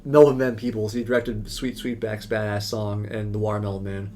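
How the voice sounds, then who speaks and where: A man's voice: on the low side, flat delivery, a little fast, darkish tone. Enthusiastic young man on a film podcast. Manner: enthusiastic, hesitant restarts, says "you know" a lot. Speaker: podcast co-host. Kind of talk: casual film chat.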